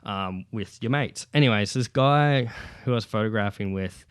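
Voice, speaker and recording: A man's voice: lowish voice, moderate pace, clear, resonant tone, no echo, studio quality. Swearing, rambling man. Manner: rambling, heavy swearing, lots of fillers. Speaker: podcast host. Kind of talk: casual solo podcast rant. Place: at home with his child nearby. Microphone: podcast microphone.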